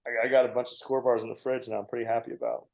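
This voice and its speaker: A man's voice: medium pitch, flat delivery, very fast, a little mellow. A man in his forties, a comedian guest, telling a long, self-mocking story on a podcast and laughing often. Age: 40s. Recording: roomy echo.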